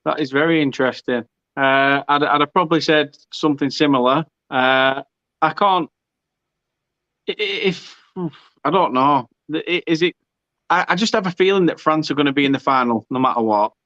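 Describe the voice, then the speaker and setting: A laid-back man co-hosting a football stream, bantering and sometimes restarting his sentences. His voice sits a little high. The sound is dry and slightly muffled. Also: normal speed, pushed and bright, no room sound. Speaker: co-host and channel moderator. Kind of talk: casual chat.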